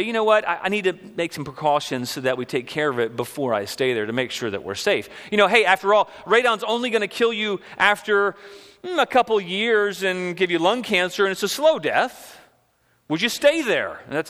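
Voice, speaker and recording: A male pastor delivers a sermon in a relaxed, talky way, building his points through question after question. His voice is bright and sits a little high for a man. The sound carries a long reverb, as if from a large hall. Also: brisk. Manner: conversational, rhetorical questions, animated.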